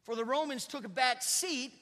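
A man's voice: extremely high pitch, moderate pace, pushed and bright. A man, a pastor, preaching a sermon in a conversational style and pushing hard on key words. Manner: conversational preaching with emphatic rising stresses. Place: church sanctuary. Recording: church hall reverb.

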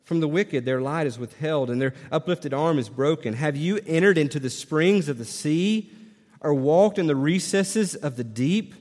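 A male pastor delivers a sermon with a somewhat high voice, animated and full of rhetorical questions. He moves into reading a long scripture passage aloud. The sound carries a long reverb, as in a large hall. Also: normal speed.

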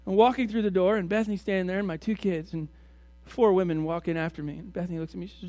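A male pastor with a high-pitched voice preaches in a conversational style, throwing rhetorical question after question at his congregation. The sound is dry and close, with almost no room echo. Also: steady tone, fast, few pauses, mellow. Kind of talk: sermon.

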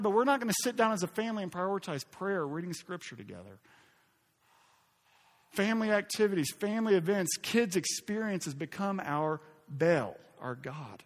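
A man's voice: high voice, lively intonation, moderate pace, big-room sound. A man preaching a sermon as pastor, reading scripture dramatically with emphatic asides.

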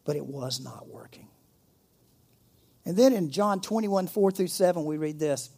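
A man's voice: a little high, lively intonation, a little slow, vocal fry, dark tone, slightly rough. A middle-aged man preaching a sermon, reading scripture aloud and breaking off into playful jokes and asides. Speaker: pastor.

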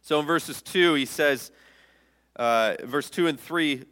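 A man's voice: a little high, slow, long reverb tail. A man preaching a sermon as pastor, telling the story with humor and acting out the quotes. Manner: lively storytelling, jokes and acts out quotes.

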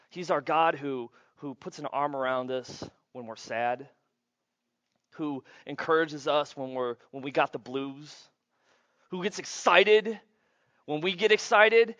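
A man preaching a sermon as pastor, playful and animated, acting out little scenes for the congregation. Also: on the high side, no echo.

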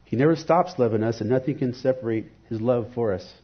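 Husky-voiced man preaching earnestly. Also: mid-range voice, brisk, muffled recording. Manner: earnest, reflective, rhetorical questions. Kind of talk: devotional sermon.

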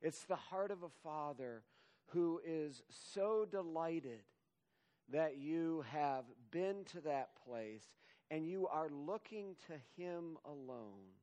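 A man preaching a sermon in a slow, earnest way, building to emphatic exhortation and closing in prayer. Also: medium pitch, a little mellow, clear, resonant tone.

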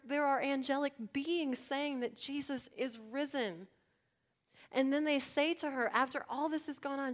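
High-voiced woman preaching, loud then hushed. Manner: swings between loud emphasis and hushed near-whispers; conversational, asks the audience direct questions. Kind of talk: sermon.

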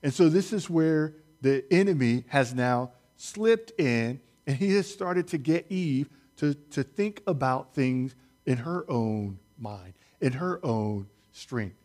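A man preaching a sermon, speaking slowly and deliberately, stressing key words and putting questions to his listeners. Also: medium pitch, lively intonation, darkish tone.

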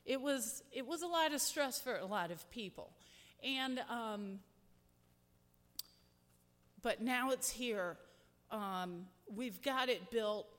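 Woman volunteer at the pulpit, slightly high voice, long hall echo, heartfelt and halting. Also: expressive, a bit bright. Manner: heartfelt, rambling, many fillers. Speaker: church ministry volunteer. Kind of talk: speaking to a church congregation. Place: large church hall. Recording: long hall reverb, from a distance.

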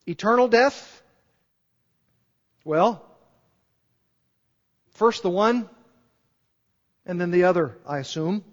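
A high-pitched male preacher delivers an earnest sermon, returning again and again to pointed rhetorical questions. His voice carries long reverb from a large church sanctuary. The recording itself sounds dull and muffled. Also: lively intonation, slow pace, pauses often.

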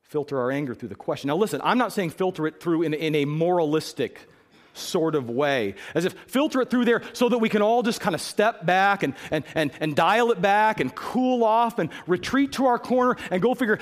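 A man preaching a sermon as pastor, emphatic and animated, repeating phrases for stress. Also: high voice, normal speed.

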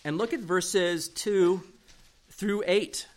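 A man preaching a Bible sermon in a fairly high voice. He reads verses aloud and explains them with animated rises and quiet, pointed drops for emphasis. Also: takes it slowly. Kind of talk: sermon teaching from scripture.

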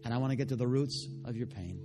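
Animated preaching man, faint music behind. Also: medium pitch, fast. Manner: storytelling with acted voices, building to loud passionate preaching. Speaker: pastor. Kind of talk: sermon.

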